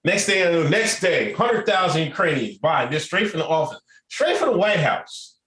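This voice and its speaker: A man's voice: a little high, sing-song, normal speed, a bit bright. A man co-hosting a podcast, talking loosely and profanely and laughing often. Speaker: podcast co-host. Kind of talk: casual chat. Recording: echoey room with faint noise.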